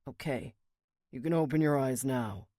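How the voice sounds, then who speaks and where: A man voicing a rough, blunt male biker who swears and growls his words, in an audiobook. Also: moderate pace, mellow, no echo, studio quality, lightly acted. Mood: gruff. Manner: crude, swearing, low growl. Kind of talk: audiobook character reading.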